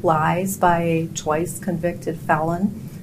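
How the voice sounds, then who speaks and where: A woman's voice: fairly low pitch, steady tone, slow. A middle-aged woman with an Upper Midwest American accent, a judicial candidate answering an editorial board firmly and plainly. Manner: firm, emphatic denials, plainspoken. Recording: noisy room audio.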